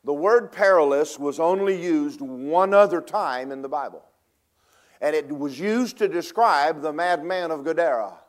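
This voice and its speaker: A man delivers a sermon, his voice sitting a touch higher than most men's. He talks in a folksy, emphatic way, dropping low and quiet, then rising loud, and stretching words out slowly before rushing ahead. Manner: folksy, emphatic, varies loudness and pace for effect. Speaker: preacher.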